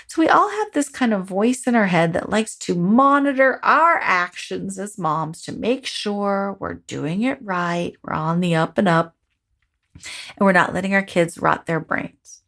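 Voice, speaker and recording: A woman hosting a parenting coaching podcast, talking in an expressive, encouraging, conversational way. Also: mid-range voice, a little slow.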